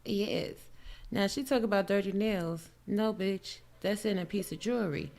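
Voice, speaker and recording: Brash gravelly New York woman. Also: medium pitch, moderate pace, a little mellow. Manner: brash, profane, boastful. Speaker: podcast co-host. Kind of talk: casual chat.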